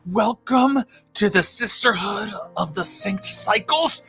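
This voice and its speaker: A shrieking person in labor. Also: male voice, high-pitched, pushed and bright, breathy edge, soft background music, voice pushed up, heavily acted. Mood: straining wails. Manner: shrieking, drawn-out, strained wails. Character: person in the middle of labor, straining and wailing.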